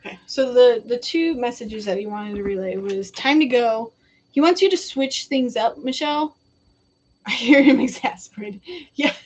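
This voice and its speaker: Brief: young woman, psychic reader on a live stream, giggly, chatty, fairly high voice, muffled lo-fi audio. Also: normal speed. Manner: chatty and giggly, quoting spirits in a casual voice.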